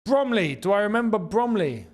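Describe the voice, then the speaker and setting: A young man with a London accent hosts a live football watchalong, reacting to the match and thanking viewers for their messages. His voice sits high and swings widely in pitch. He keeps it chatty and laughs often. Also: very animated, moderate pace. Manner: chatty, laughs often, reads out super chats. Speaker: watchalong host. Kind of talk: casual live match commentary.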